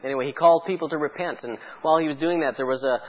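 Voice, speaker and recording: High-voiced man preaching fervently. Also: very fast, narrow, tinny audio. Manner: fervent, pleading preaching with many rhetorical questions. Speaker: pastor. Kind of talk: sermon.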